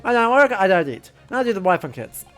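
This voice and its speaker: A streamer reading a game aloud and voicing a blunt, impatient working-class male juror, loud and gruff. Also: mid-range voice, sing-song, fast, faint music behind, close to an everyday voice. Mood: aggrieved.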